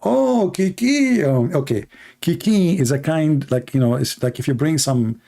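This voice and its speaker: Guy hosting a livestream, mocking and sarcastic, mellow low-key tone, broken english. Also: steady tone, normal speed. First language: Arabic. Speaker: livestream host. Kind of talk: mocking live-stream commentary.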